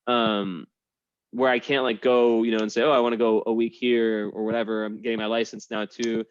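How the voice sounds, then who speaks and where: A man's voice: mid-range voice, dry recording, muffled recording. A man hosting a casual group video chat, rambling with many fillers and restarts. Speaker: host.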